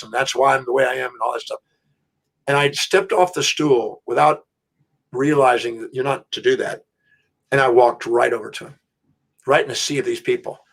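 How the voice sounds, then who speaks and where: A middle-aged man, an interview guest, telling a story in an animated, emphatic way, with restarts. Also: medium pitch. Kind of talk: storytelling anecdote.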